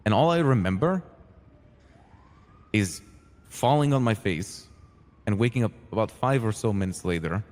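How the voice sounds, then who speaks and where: A man playing a streetwise, hot-tempered crew boss in a roleplay game, retelling events in an animated way, acting out quoted lines and swearing freely. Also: fairly low pitch, normal speed, long pauses, long reverb tail, natural voice. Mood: earnest. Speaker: roleplay character telling his side. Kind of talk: in-character storytelling in a roleplay game.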